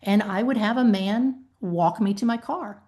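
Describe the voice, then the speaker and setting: Southern lady cohosting a podcast, emphatic, acts out calls, mid pitch. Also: unhurried, a little mellow. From American South. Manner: emphatic, acts out phone calls in quoted voices. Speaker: podcast co-host, former claims manager. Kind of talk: casual podcast chat.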